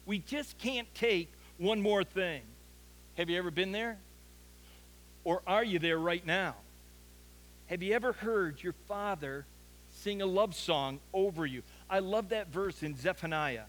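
A man's voice: sits high, measured pace, fairly bright tone. A man preaching a sermon, telling stories earnestly and often stumbling over restarts as he talks. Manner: earnest storytelling with frequent stammered restarts. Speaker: pastor.

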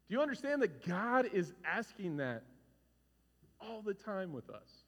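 A man in his forties preaching a sermon as a pastor, animated and conversational, acting out stories with shouts. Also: sits high, unhurried. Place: church hall. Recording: reverberant hall.

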